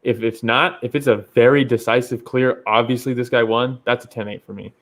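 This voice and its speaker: A man's voice: medium pitch, steady tone, brisk, fairly bright tone. Male podcast co-host, casual fight talk, swears and laughs freely. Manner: loose, profane, laughs often.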